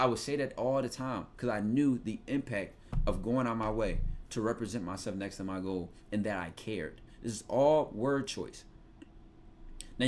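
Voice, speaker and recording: Philly man talking slangy advice. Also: medium pitch. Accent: Philadelphia. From Philadelphia, USA. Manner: loose, slangy, profane, animated storytelling. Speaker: podcast host giving advice. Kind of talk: casual advice talk.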